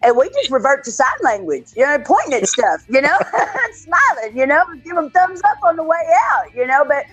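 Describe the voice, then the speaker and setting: A woman with a Texan Southern accent, chatting casually as a podcast guest, salty and quick to laugh. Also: sits high, very animated, a bit bright, rough recording. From Texas. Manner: salty, laughing, loose storyteller. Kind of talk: casual chat.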